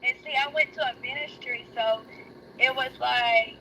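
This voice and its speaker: Bright-voiced woman, emotional testimony. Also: steady tone, a little hiss or hum, poor audio. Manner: emotional, rushed, voice cracks high in quotes. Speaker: guest. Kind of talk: casual personal testimony.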